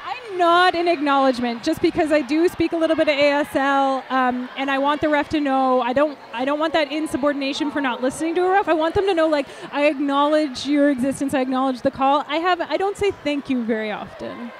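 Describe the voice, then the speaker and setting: A woman's voice: high-pitched, quick pace, few pauses, a little hiss or hum. A woman commentating a live roller derby bout, chatty and jokey, often laughing at her own puns.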